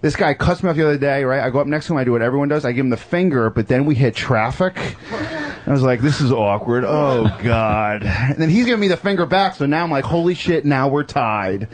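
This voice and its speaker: A man performing a stand-up set. He grumbles through the set and bursts into shouted impressions. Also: mid-range voice, expressive, fast talker. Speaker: stand-up comedian.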